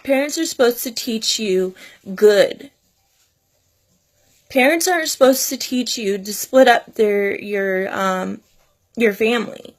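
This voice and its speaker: A woman's voice: fairly high pitch, slow, pauses often. A woman vlogger in her thirties talking earnestly and tearfully about her children and family, pleading with parents. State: crying at times. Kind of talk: emotional personal vlog.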